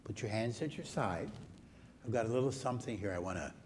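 A man, a pastor, gently leading a children's message during a church service. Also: on the low side, expressive, a little fast, a little hiss or hum. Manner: gentle, coaxing, talks to children. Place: church sanctuary.

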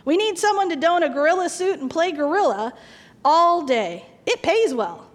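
A woman's voice: very high voice, sing-song, moderate pace, long reverb tail. A woman voicing a businesslike male zoo director, in a matter-of-fact explaining manner, within a told joke.

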